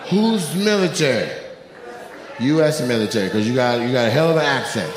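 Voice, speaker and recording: A man doing crowd work stand-up, teasing audience members with loud, profane banter. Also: medium pitch, expressive, a little fast. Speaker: stand-up comedian. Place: comedy club stage before a live audience. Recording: roomy club with long reverb and audience noise. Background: audience laughter and clapping.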